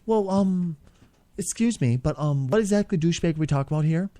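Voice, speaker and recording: A man's voice: on the high side, expressive, a little fast, warm tone, no echo, lightly acted. A man voicing a prim, pedantic co-host who speaks in a prissy, formal way with hesitant ums.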